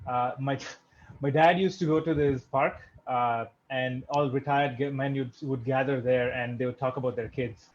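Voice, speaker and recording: A man's voice: mid-range voice, steady tone, moderate pace, muffled recording, slight background noise. A young man from India doing a stand-up set online, with dry, self-deprecating jokes and chuckles. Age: young adult. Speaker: stand-up comedian.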